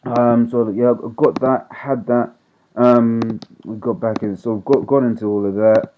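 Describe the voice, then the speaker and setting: A man reads scripture and then unpacks it in a loose, rambling way, tagging nearly every point with "right?". His voice sits in an ordinary middle pitch. The audio is narrow and tinny, like a phone line. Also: flat delivery, a little slow, a little hiss or hum. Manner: rambling, conversational, peppers speech with "right?". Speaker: street preacher. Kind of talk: casual scripture teaching.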